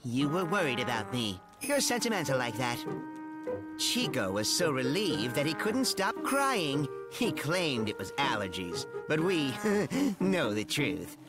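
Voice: medium pitch, big pitch swings, measured pace. A voice actor playing a vain, poetic male cartoon bird who talks in a pompous, theatrical way in a cartoon dub with music behind. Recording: studio dub over music.

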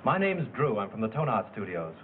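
An actor playing a studio man who asks a string of quick, probing questions about a man's visit. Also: on the low side, big pitch swings. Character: brisk studio man making inquiries. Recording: tinny old film soundtrack with hiss.

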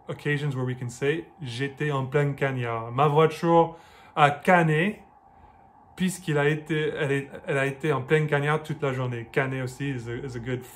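Seorang pria beraksen Amerika menjelaskan kosakata Prancis dengan santai, sering mengulang dan meralat kalimatnya, suaranya bernada sedang. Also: male voice, medium pitch, a little hiss or hum. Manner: explanatory, repeats and rephrases, frequent restarts. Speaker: language teacher. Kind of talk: casual spoken lesson.

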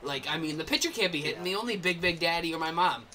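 A man hosting a baseball video game playthrough in casual let's-play chatter, rambling excitably to his viewers from his room on a cheap headset. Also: on the high side, fast, far from the mic. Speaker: gaming video host. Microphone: cheap gaming headset.

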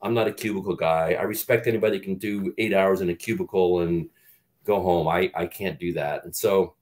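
Deep-voiced middle-aged man telling stories. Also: a little fast. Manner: animated storyteller, acts out quotes in a louder, higher voice; profane, rambling with restarts. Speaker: guest, actor and former football player. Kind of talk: storytelling in an interview.

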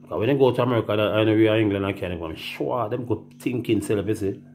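A man's voice: on the low side, fast, slight background noise. Profane Jamaican man telling stories. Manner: profane, animated, acts out quoted voices. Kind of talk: casual rambling storytelling.

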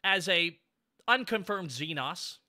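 A man in his thirties hosting a casual stream chat, excitable and prone to sudden yelps. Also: high-pitched, takes it slowly, background noise. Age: 30s. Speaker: streamer host.

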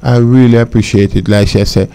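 A man's voice: fairly low pitch, steady tone, brisk, mellow, clear, resonant tone. A man with a Jamaican accent, a guest on a radio show, telling a story in casual talk and laughing as he goes. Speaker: studio guest. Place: radio studio. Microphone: studio mic.

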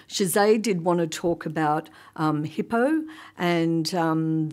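Low-voiced chatty woman speaker. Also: darkish tone. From Australia. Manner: chatty, laughs often, many ums. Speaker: conference panel speaker. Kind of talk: conference talk, anecdotal. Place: conference hall.

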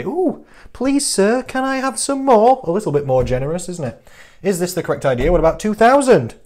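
A man, a fitness coach giving an energetic, teasing talk to camera full of rhetorical questions. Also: on the high side.

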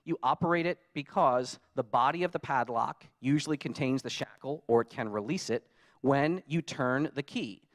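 A man giving a conference talk, telling lively stories and acting out his own frustrated quotes. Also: mid-range voice, normal speed. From United States. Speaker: conference speaker. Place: conference hall.

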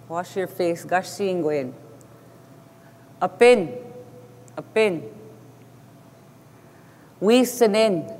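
A man teaching a language class who says each word slowly and then repeats it. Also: sits high. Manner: slow, patient, repeats each word twice. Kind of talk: language lesson, repeating vocabulary. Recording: echoey room with long reverb.

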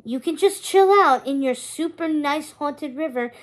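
A woman's voice: high-pitched, lively intonation, voice pushed up. A woman voicing a jittery boy hero who cracks nervous jokes and pleads his way out of danger. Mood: pleading. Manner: quick, nervous, wisecracking pleading.

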